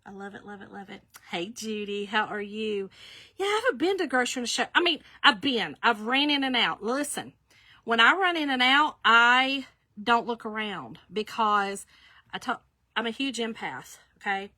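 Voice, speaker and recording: A woman, chatting casually on a live stream, laughing often and greeting viewers by name in a warm, folksy way. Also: a little high, animated, normal speed, no room sound, studio quality. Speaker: live-stream shirt maker.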